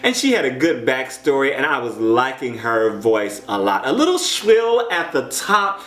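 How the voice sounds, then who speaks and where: Chatty American man in an echoey room. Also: normal speed. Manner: chatty, animated, jumps up in pitch when quoting people. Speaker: show commentator. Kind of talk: casual solo commentary.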